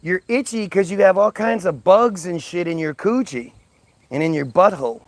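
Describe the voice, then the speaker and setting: A man's voice: sits high, normal speed, no room sound, pitched above the performer's own voice. A man voicing a sly, insulting talking snake that hisses and schemes. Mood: scheming.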